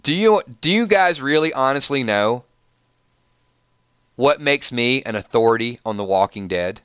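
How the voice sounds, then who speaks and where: Talking straight to his livestream audience, a YouTube channel host with a Southern US accent rants with growing emphasis. His mid-range voice has lively intonation and a fairly bright, smooth tone, delivered a little slowly on a dry recording.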